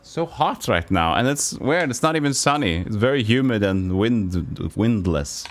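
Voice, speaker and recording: A Norwegian man streaming a puzzle game, thinking aloud in halting, self-correcting English. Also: fairly low pitch, lively intonation. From Norway. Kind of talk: live game commentary.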